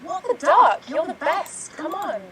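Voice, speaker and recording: A woman's voice: sits high, sing-song, unhurried, a bit bright, recorded from a distance, a little hiss or hum, heavily acted. A woman voicing a chiding, encouraging nail technician in an online improv scene. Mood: bossy. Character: bossy upbeat female nail technician.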